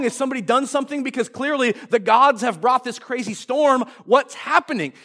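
Man, pastor, sermon to a congregation, very high voice, lively storytelling. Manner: lively storytelling, acting out quoted characters. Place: church service before a congregation.

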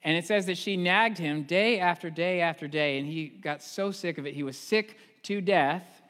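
A male pastor retells a story in a relaxed, animated sermon, with an everyday ring of ums and asides. His voice sits a little high for a man. A long church reverb follows each phrase. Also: moderate pace. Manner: casual, animated storytelling with fillers.

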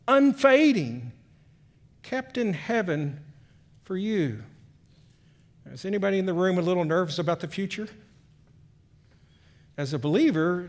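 A man preaching a sermon to a room, reading scripture and swinging from hushed tones to emphatic lines. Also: fairly high pitch. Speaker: pastor. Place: church or meeting room.

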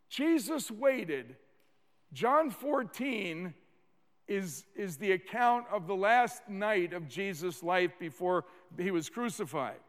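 A man with a notably high voice preaches slowly and deliberately, leaning on repeated words and building to sudden emphatic peaks. His sermon rings out with a long reverb, as if recorded in a large church hall. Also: fairly bright tone. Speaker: pastor.

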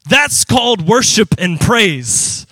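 A man preaching in church with a high, bright, ringing voice. He preaches with animated call-and-response, pressing each point and rising into shouts. The sound is close and dry, with little room around it. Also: slow, dry recording. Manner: emphatic, breaks into shouting. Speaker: pastor. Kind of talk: sermon. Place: church sanctuary with congregation.

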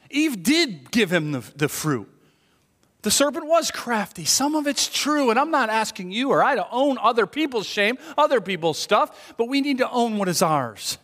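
A pastor delivering a sermon in a church hall with a long, lingering reverb. His voice sits a little high for a man. He talks to the congregation like a conversation, dropping to hushed confessions and then rising to loud, emphatic points. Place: church sanctuary.

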